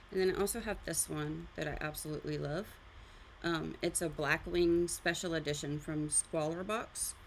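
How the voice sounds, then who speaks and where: A woman's voice: lowish voice, slight background noise. A woman hosting a casual live art stream, chatting loosely and explaining her drawing pencils as she goes. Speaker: art livestream host. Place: art studio.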